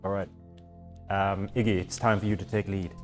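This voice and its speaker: A man from South Africa narrating a tabletop game as game master, in a relaxed, halting way. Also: low voice, faint music behind.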